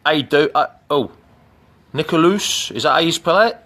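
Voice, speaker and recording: A man's voice: a little high, moderate pace, fairly bright tone. A middle-aged man with an English Midlands accent, chatting casually on a live stream from an outdoor pool and greeting viewers by name. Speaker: fan channel host. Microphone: phone camera.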